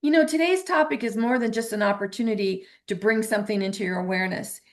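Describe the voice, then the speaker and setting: A woman's voice: medium pitch, quick pace. A middle-aged woman giving an earnest, encouraging self-help talk as a teacher, now and then acting out short quoted remarks. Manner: earnest and encouraging, acts out little quoted lines. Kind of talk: motivational talk.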